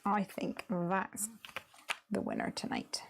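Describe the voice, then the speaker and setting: A woman hosting a live card-making stream, chatting as she works, thinking aloud and sometimes dropping to a soft murmur. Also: on the low side, wildly swooping pitch, takes it slowly, vocal fry. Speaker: crafting livestream host. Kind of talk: live crafting demo with chat.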